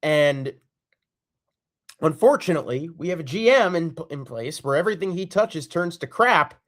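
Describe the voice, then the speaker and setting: A man's voice: a little high, expressive, moderate pace, fairly bright tone. A man hosting a solo sports podcast, ranting in an exasperated, repetitive and emphatic way. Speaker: podcast host.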